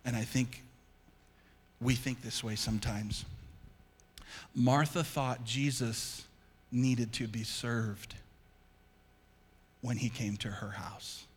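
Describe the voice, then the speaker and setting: A man's voice: mid-range voice, fairly even intonation, slow pace, pauses often. A man pastor preaching a sermon in a church, emphatic and repetitive, calling out to his congregation and asking them to respond. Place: church sanctuary. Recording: long church-hall reverb.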